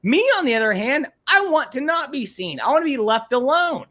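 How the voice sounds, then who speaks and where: A man from Ohio co-hosting a casual livestream, ranting with crude language and lively swings in pitch. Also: brisk. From Ohio, USA. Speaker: podcast co-host.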